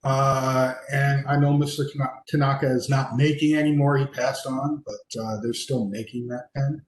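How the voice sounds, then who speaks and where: A man who makes pens speaking modestly and haltingly on a video call panel. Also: medium pitch, steady tone, a little hiss or hum. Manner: modest, halting, with many restarts. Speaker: penmaker panelist. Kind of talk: casual panel discussion. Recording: echoey room.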